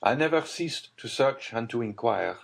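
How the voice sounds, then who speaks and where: A man's voice: mid-range voice, expressive, moderate pace, vocal fry, voice pushed up. A man voicing a desperate middle-aged nobleman who speaks with tense, urgent gravity in an audiobook. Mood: grave. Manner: tense, urgent and grave delivery. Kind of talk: audiobook character voice.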